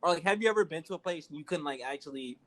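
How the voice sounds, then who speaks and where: A man's voice: fairly high pitch, lively intonation, racing, fairly bright tone. A teenage boy with a slightly raised voice hosts a casual podcast interview. He asks his questions loosely and restarts phrases now and then as he goes. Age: teens. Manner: easygoing questions with small restarts. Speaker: podcast host.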